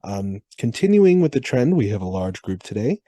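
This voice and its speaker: A man introducing the class casually, relaxed, with a few fillers. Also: lowish voice, normal speed, dry recording.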